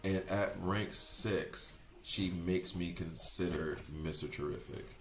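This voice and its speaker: A man streaming a video game, chatting casually and rambling as he second-guesses his choices out loud. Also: low-pitched, slow pace, reverberant, a little hiss or hum. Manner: chatty, rambling, self-correcting. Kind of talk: casual gameplay commentary.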